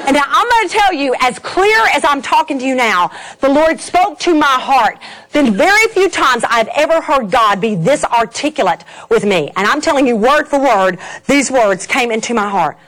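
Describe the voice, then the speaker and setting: A middle-aged woman telling a personal faith story to an audience, animated and laughing, acting out the scenes. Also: high-pitched, a little fast, a faint crowd, slight background noise. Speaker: speaker.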